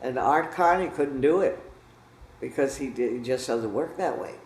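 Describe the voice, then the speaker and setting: Elderly actor in a roomy space. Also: male voice, mid-range voice, moderate pace, darkish tone. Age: 80s. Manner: anecdotal. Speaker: veteran actor. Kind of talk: interview reminiscence. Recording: roomy echo.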